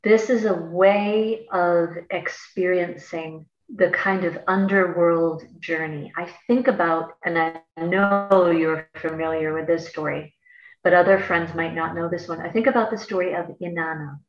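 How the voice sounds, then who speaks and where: A woman's voice: on the low side, fairly even intonation, unhurried, far from the mic. A woman talks through astrology in a loose, playful way and slips into slangy asides. She sounds set back from the microphone, in a roomy space with a slightly dull tone. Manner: chatty and playful, laughs often, slangy asides. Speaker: astrologer guest. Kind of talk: casual explanatory chat.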